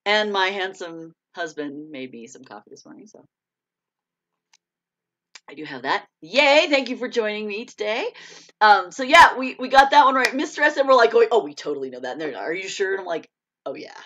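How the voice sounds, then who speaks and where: A middle-aged American woman, an author, chatting casually to a live audience, laughing often and breaking into excited bursts. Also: mid-range voice, normal speed. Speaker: author hosting a live chat. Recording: dull lo-fi stream audio.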